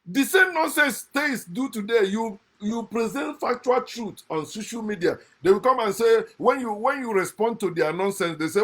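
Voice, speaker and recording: A man giving a passionate, mocking monologue on scripture, swinging from loud outbursts to low muttered asides. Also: animated, normal speed, hardly any pauses. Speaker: online speaker critiquing scripture.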